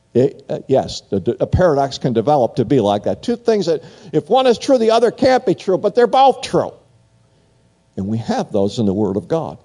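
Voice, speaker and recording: A man preaching a sermon in an animated way, often restarting phrases and repeating "if you will". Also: on the high side.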